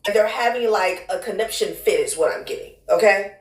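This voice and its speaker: A woman's voice: mid-range voice, fairly quick. A woman doing a casual tarot reading, blunt and profane, who calls the listener honey and child. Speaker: tarot card reader. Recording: echoey room.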